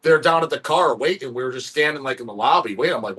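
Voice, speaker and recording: A man's voice: mid-range voice, lively intonation, fast talker, fairly bright tone, husky. A man chatting casually on a podcast, telling rambling, profane stories and acting out what people said. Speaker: podcast co-host. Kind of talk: casual chat.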